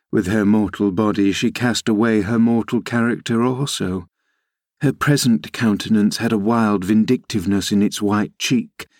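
A man narrating a classic novel as a podcast audiobook reader in a measured, even manner. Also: on the low side, no echo, clean studio sound. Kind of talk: scripted narration.

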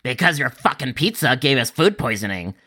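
A man's voice: mid-range voice, big pitch swings, a little fast, pushed and bright, breathy edge, exaggerated voice. A man voicing a furious woman caller who got sick, crude and accusing, dragging out her words. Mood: indignant.

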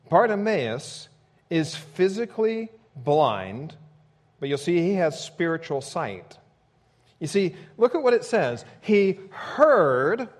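A man preaching a sermon in a lively, sing-song voice that swings widely in pitch. His voice sits a little higher than most men's. He moves through the text verse by verse and climbs steeply when he voices a quoted shout. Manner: expressive preaching, voice rising sharply for quoted shouts. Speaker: pastor.

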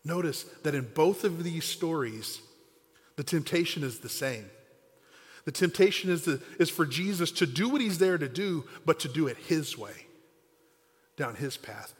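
A man's voice: a little high, lively intonation, unhurried, pauses often. Man preaching in an echoing hall. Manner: conversational storytelling, acts out quoted lines. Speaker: pastor. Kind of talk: sermon. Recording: long hall reverb.

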